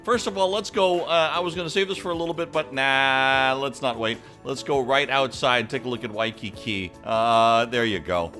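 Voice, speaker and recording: A man's voice: medium pitch, steady tone, normal speed, hardly any pauses, sharp tone, faint music behind. A man hosting a casual live entertainment stream, upbeat and chatty as he greets viewers by name. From Hawaii.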